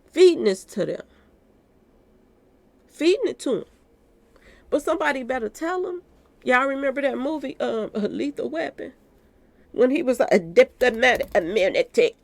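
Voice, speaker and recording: Gravelly woman chatting to viewers. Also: high voice, sing-song, normal speed, dry recording. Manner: talks straight to viewers, repeating "y'all". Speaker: commentary channel host. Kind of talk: casual commentary to viewers.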